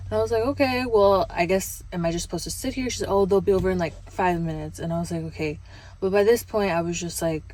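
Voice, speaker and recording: A young woman vlogger tells a casual, chatty story packed with fillers and quoted back-and-forth. Her voice is lowish and dark, captured on a low-quality recording.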